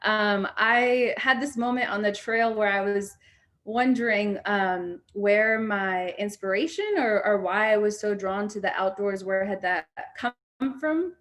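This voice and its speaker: A woman's voice: mid-range voice, unhurried, fairly bright tone. A young adult woman on a video call, telling a personal story in a reflective way with many fillers and restarts. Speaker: panel speaker.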